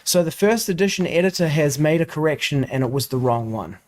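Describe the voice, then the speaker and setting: A native English-speaking man co-hosts a casual study discussion about scripture editions, explaining editing details and thinking aloud with frequent restarts. His voice is a little high, expressive and fairly quick.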